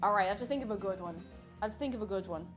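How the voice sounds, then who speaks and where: A woman's voice: medium pitch, rapid-fire, faint music behind. A woman with an Irish accent chatting casually with viewers while she cooks on a live stream. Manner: chatty, reads chat aloud and answers viewers.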